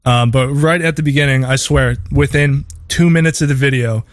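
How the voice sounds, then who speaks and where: A man's voice: medium pitch, normal speed, no room sound, studio quality. A man hosting a casual podcast chat, telling anecdotes and chuckling often as he goes. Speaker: podcast host.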